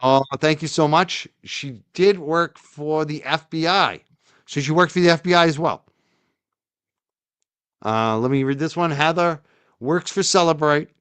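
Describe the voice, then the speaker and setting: A man hosting a live stream, reacting to a video in loud, heated commentary and ranting close to his mic. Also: fairly high pitch, unhurried, clear, resonant tone, no room sound.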